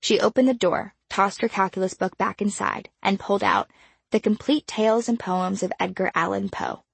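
A woman reads a novel aloud in a measured, expressive way. Her voice has a gravelly edge and some huskiness. The recording is dry and close. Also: mid-range voice, no echo. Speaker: narrator. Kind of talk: audiobook narration.

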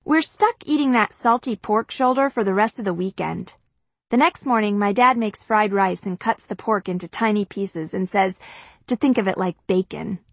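A woman's voice: mid-range voice, moderate pace, no echo. A woman narrating a first-person audiobook in a chatty, confiding way.

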